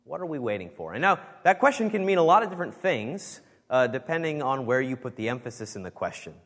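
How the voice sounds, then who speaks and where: A male pastor delivering a Sunday sermon at a middle pitch. He speaks earnestly and stresses words with shifting emphasis. His voice rings out with the long reverb of a church hall. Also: big pitch swings, quick pace. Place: church sanctuary.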